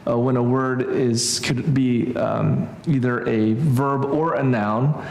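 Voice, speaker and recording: A man leads an informal Greek lesson at a church and thinks out loud, circling back with fillers and restarts. His voice sits in the middle of the range, with some room echo. A faint ambient hum runs behind him. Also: mid-range voice, fairly even intonation, takes it slowly, creaky. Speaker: Greek class teacher. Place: church classroom.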